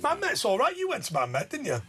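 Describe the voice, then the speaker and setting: A man co-hosting a talk show, telling stories in an excitable way and often repeating himself as he builds up to a point. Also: extremely high pitch, quick pace, a little hiss or hum. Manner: excitable, repetitive storyteller. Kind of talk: casual studio chat.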